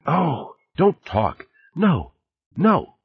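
A man's voice: a little high, huge pitch swings, drawn-out words, creaky, breathy edge, narrow, tinny audio, voice pushed up, full character voice. A man reading a breathless, passionate woman. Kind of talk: audiobook reading.

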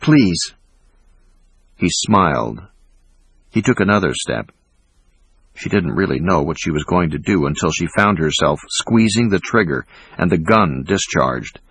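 A man reading a thriller audiobook in a measured, dramatic way. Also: low-pitched, expressive, fairly bright tone, breathy edge, dry recording. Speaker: audiobook narrator. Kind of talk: scripted narration.

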